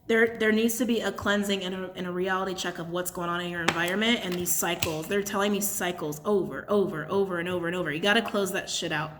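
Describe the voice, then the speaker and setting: A woman's voice: fairly low pitch, steady tone, quick pace, few pauses, slight background noise. Chatty, blunt woman giving a reading. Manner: chatty, laughs often, blunt and swearing. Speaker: tarot and crystal reader. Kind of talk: casual channeled reading to camera.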